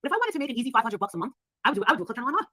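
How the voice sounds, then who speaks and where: Gossip chat guest: a high-voiced woman, blunt and quick, recorded close and dry. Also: very animated, bright, forceful tone, no echo. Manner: fast, blunt, swears.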